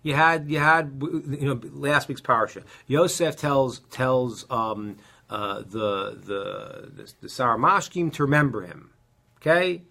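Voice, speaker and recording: A middle-aged man teaching a casual Torah class, telling stories with many restarts and animated asides. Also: mid-range voice, unhurried, gravelly.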